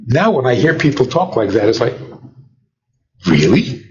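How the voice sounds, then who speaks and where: A man's voice: medium pitch, expressive, fast talker, muffled recording. A man who is a rabbi, giving an informal teaching talk full of rhetorical questions, often chuckling. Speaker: rabbi and lecturer.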